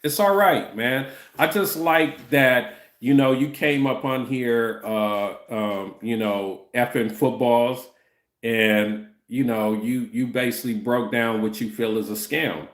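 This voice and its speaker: A man's voice: mid-range voice, fairly even intonation, takes it slowly, roomy sound. A man in his fifties chatting loosely on a livestream, answering viewers' chat comments and often tacking on "you know what I'm saying". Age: 50s.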